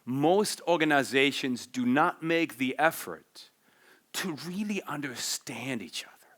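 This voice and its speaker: Bright, animated male forum speaker. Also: medium pitch, a little slow. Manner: animated, explanatory, uses vivid examples. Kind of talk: conference talk.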